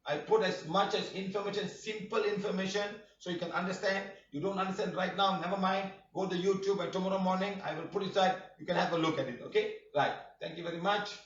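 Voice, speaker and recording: A man's voice: high-pitched, fairly even intonation, quick pace, hardly any pauses, slight background noise. A man teaching a healing workshop who scolds his students and fires off rhetorical questions, often prodding them with "huh?". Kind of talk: live online workshop talk. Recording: roomy, distant, dull-sounding mic.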